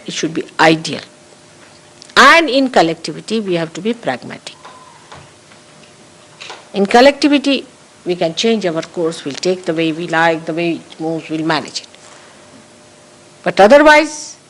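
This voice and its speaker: A woman's voice: lowish voice, lively intonation, normal speed, long pauses, low-quality recording. A woman giving a spiritual talk to followers, emphatic and repeating her key phrases, in an archival recording. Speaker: spiritual teacher.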